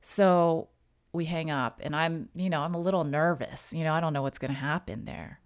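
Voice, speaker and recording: Low-voiced woman telling a personal story. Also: steady tone, smooth, no echo, clean studio sound. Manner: halting, reflective, frequent restarts. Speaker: podcast guest sharing a personal story.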